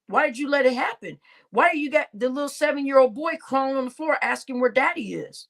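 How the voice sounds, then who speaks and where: High-pitched and fairly bright, this woman's voice has lively intonation, vocal fry, and a slightly fast pace. On her live stream she rants casually in blunt, profane slang, scolding people with bursts of laughter in between.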